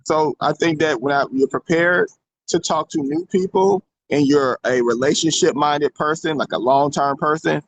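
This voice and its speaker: A man's voice: a little high, normal speed, low-quality recording. Blunt, outspoken man host. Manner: blunt, emphatic, profane. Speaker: show host. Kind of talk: casual opinion commentary.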